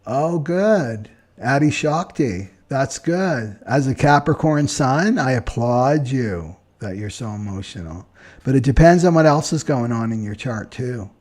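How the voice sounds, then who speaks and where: A man in a relaxed live-stream talk, reading out viewer comments and talking through astrology charts. His voice sits at an ordinary middle pitch for a man. He talks loosely and conversationally, tagging "right?" onto his thoughts and laughing lightly. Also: a little slow. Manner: relaxed and chatty, keeps adding "right?" with short laughs.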